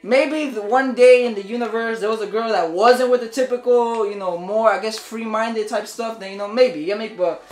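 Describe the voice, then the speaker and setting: A man's voice: high-pitched, a little fast, hardly any pauses. A man co-hosting a podcast in casual chat, loose and rambling with many fillers, pushing his partner for more energy. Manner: loose, rambling, full of "you know" fillers. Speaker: podcast co-host. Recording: echoey room recording.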